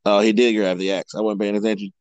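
A man's voice: on the low side, level tone, quick pace, a little mellow, no echo. A young man co-hosting a webtoon read-along, joking, swearing and laughing often. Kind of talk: casual chat with reading aloud.

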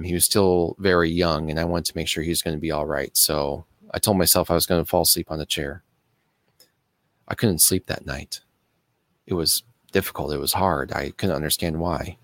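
A man telling a personal story in an earnest, halting way, pausing and restarting as he explains things slowly. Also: deep voice, fairly bright tone, dry recording. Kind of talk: personal story told to camera.

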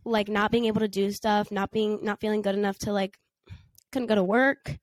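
A woman's voice: medium pitch, level tone, fairly quick, dry recording. A woman in her twenties co-hosting a podcast, chatting playfully while her voice is still recovering from a cold. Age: 20s. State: recovering from a cold, voice not fully back. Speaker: podcast co-host. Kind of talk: casual chat.

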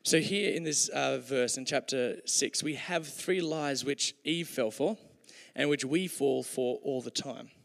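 A man's voice: mid-range voice, a little slow, creaky. A man preaching a sermon in a conversational way, with joking asides to his listeners, in a church hall. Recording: hall reverb.

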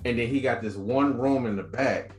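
A man on a podcast telling wild, profane stories about a friend's messy house in a loose, animated way. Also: medium pitch, normal speed, roomy sound, faint music behind. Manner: animated, slangy, profane storyteller. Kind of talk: casual storytelling chat.

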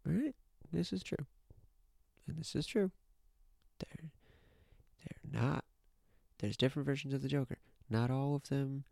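A young man streams a casual rant into his desk mic, swearing and repeating himself. His voice is gravelly and his pitch swings widely, and he drops into whispers now and then. The sound is dry and close. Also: animated, measured pace, pauses often, darkish tone, dry recording. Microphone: own desk mic.

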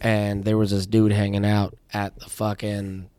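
A man's voice: on the low side, monotone, unhurried, mellow, smooth, no room sound. A man co-hosting a casual podcast, ranting through profane stories about his work at a tire shop. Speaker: podcast co-host.

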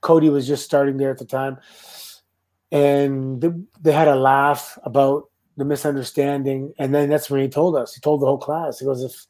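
Middle-aged Canadian man, warm mellow guest voice, easygoing laughing storyteller. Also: fairly high pitch, moderate pace. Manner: relaxed, laughing anecdotes. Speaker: guest, former pro wrestler. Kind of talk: casual storytelling.

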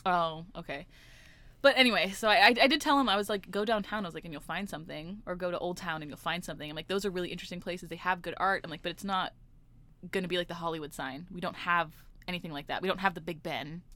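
A woman's voice: on the low side, fast talker. A young woman telling a story in casual podcast chat, acting out the people in it and laughing often. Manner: animated storytelling, acts out callers, laughs often. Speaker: podcast co-host.

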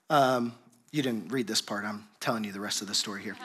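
A man's voice: medium pitch, a little fast, pushed and bright. A man preaching a sermon in a casual, conversational way, acting out the dialogue of a scripture story. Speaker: pastor. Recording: music playing behind.

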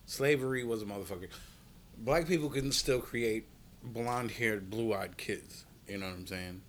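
A man's voice: fairly low pitch, normal speed, a little hiss or hum. A man in a casual podcast chat, slangy and assertive, calling others dog and bro.

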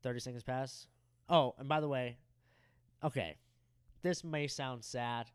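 A young man co-hosting a podcast, telling a crude story in a loose, animated way and acting out the people in it. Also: mid-range voice, a little slow, smooth, no echo, studio quality. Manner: animated, profane, acts out quoted people. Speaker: podcast co-host.

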